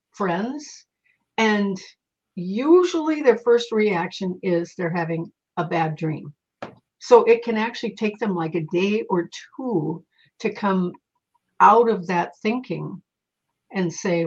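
A middle-aged woman, a psychic medium, telling stories in an interview in a casual, animated way and acting out the voices she quotes. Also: fairly low pitch. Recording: slightly dull lo-fi recording.

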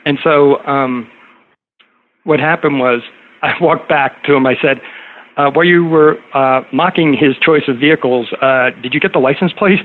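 A man's voice: a little high, moderate pace. A middle-aged man telling a story in casual conversation, rambling with many fillers and restarts. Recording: tinny phone-like line with faint noise.

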